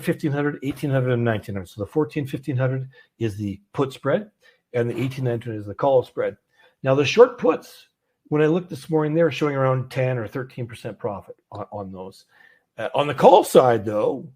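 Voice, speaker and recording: This is a man hosting a live market webinar, heard through a video-call mic. His voice has a slightly husky edge, and he talks in a loose, unpolished way. He thinks aloud as he goes, with plenty of fillers and restarts. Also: mid-range voice, a little mellow. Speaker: host of a trading webinar. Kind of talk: live conversational market talk.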